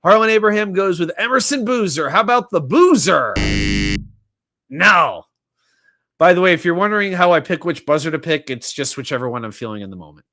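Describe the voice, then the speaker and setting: Talking fast in a fairly high pitch, a man hosts a loose sports talk livestream built around trivia. He animatedly reads out viewer comments and makes jokes.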